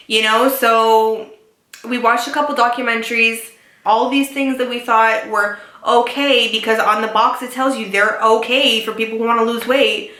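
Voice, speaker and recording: A woman's voice: a little high, steady tone, normal speed, sharp tone. A young woman vlogger in a casual chat to camera, rambling with lots of "like" and "um". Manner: chatty, filler-heavy with lots of "like" and "um". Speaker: beauty and lifestyle vlogger. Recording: echoey room.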